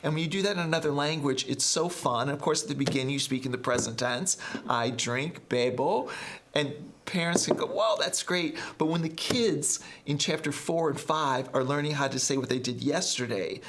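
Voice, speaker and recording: A man's voice: a little high, fairly quick, hardly any pauses, background noise. A middle-aged man, a guest author, talking enthusiastically in a podcast interview and acting out example phrases. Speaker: guest, language textbook author.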